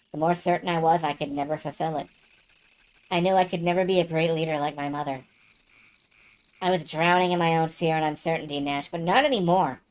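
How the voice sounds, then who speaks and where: A woman doing a soft, low-voiced young heroine. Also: lightly acted, poor audio. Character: soft-spoken young woman heir, quiet and resolved.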